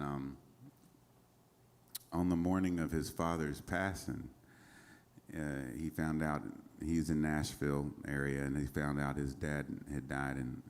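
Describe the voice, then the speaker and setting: A man's voice: extremely low pitch, smooth. A man telling rambling stories between songs on a small concert stage, with many fillers and chuckles. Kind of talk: casual onstage storytelling.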